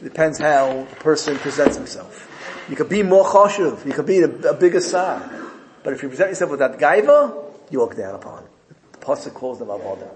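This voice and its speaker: A man's voice: fairly high pitch, darkish tone. Emphatic man teaching verses. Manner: explains each Hebrew verse then translates, emphatic. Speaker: Torah teacher. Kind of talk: Torah class.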